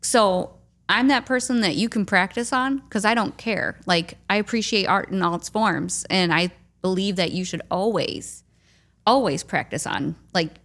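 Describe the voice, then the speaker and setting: A woman's voice: mid-range voice, normal speed, fairly bright tone. A woman with a Midwestern American accent co-hosting a podcast, chatty and self-deprecating as she tells stories. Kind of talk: casual podcast conversation.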